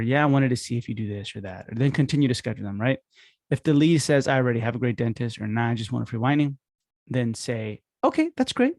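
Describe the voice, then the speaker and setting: A man in a casual instructional talk who acts out phone calls with quick voice shifts. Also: medium pitch, vocal fry, darkish tone, no room sound, clean studio sound. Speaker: podcast host teaching dental marketing.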